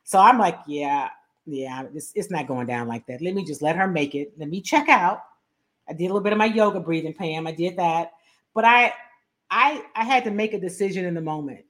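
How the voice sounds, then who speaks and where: A middle-aged woman hosting a talk show, telling a story with lively, animated delivery and acting out both sides of a quarrel. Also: on the low side. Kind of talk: storytelling commentary.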